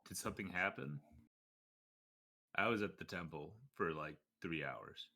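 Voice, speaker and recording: A man speaking in character during a tabletop game, halting and stammering as he talks. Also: deep voice, expressive, gravelly, pushed and bright. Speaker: player voicing his character. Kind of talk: in-character tabletop role-play.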